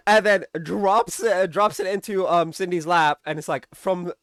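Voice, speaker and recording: A man's voice: high-pitched, unhurried, a bit bright, no room sound, studio quality. A man casually recapping and reviewing a TV episode, chatty, often tagging on "right?" and swearing now and then.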